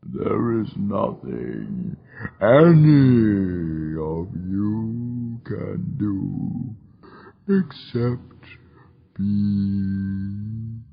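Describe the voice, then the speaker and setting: A man voicing a tall, many-armed male demon with a low, mournful tone, speaking in a very slow, drawn-out menacing way. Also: animated, creaky, husky, narrow, tinny audio, exaggerated voice. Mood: gloating menace.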